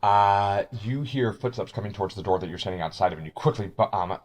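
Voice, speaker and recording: A man's voice: on the low side, fast. A man narrating as game master, rambling with frequent restarts. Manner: rambling, many restarts and fillers.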